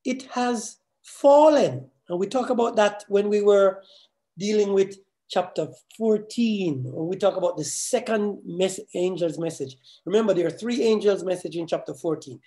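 Mellow-voiced pastor teaching a sermon. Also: male voice, high voice. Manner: repeats words and asks "right?" often, slows to stress key phrases.

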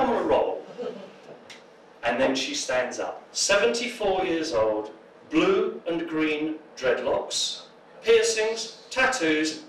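A man speaks to a crowd in a pub function room, spinning comic stories and putting on the voices of the people in them. His voice sits fairly high and swings about lively. The mic is some way off, so the sound is roomy and echoey, with a faint hum of ambience underneath. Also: recorded from a distance. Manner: jokey storyteller, acts out quoted voices. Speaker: political speaker. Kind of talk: anecdotal public talk.

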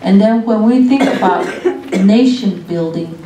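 A middle-aged woman giving a college guest lecture on weaving, speaking earnestly and reflectively with pauses. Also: mid-range voice, warm tone. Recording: echoey room, distant mic, faint noise.

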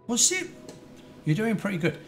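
A man's voice: high-pitched, big pitch swings, moderate pace, gravelly, a bit bright, soft background music. A man from the UK chatting casually to his viewers while playing a building game on a live stream. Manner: chatty, talks to chat viewers, remembers their details.

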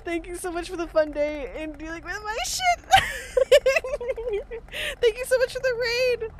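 A woman's voice: very high-pitched, a little hiss or hum. A woman game streamer on a live stream, giggly and overwhelmed as she thanks her viewers, swearing casually.

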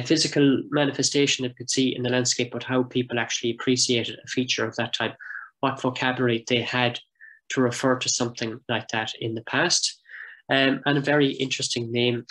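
Measured man explaining slides. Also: medium pitch, fairly bright tone, low-quality recording. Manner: thoughtful, measured, with frequent hesitations. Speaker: project coordinator giving a heritage talk. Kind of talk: explanatory talk over slides and maps.

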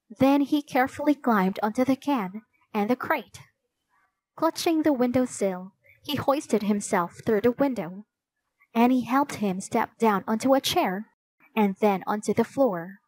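A woman narrating a children's storybook in a slow, clear reading voice. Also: a little high, poor audio.

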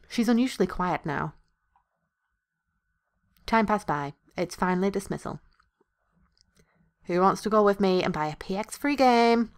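A woman playing through a visual novel, reading every character's lines aloud with crude ad-libbed jokes and laughter. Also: mid-range voice. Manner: crude jokey ad-libs, laughing between lines. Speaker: let's play host voicing all characters. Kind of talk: comedic game dialogue read-aloud.

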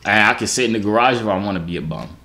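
Young man teasing strangers over noisy video chat. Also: racing.

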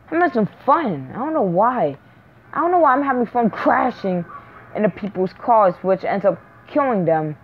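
Excitable woman over a tinny line. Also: a little high. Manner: excitable, chatty, laughs often, talks to herself. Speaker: gameplay commentator. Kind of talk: casual gameplay commentary. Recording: tinny phone-like sound.

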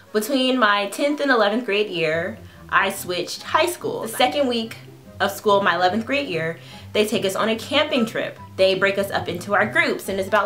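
A woman in her twenties, a food vlogger, telling a funny story in a casual, animated way, often breaking into laughs. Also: mid-range voice. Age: 20s.

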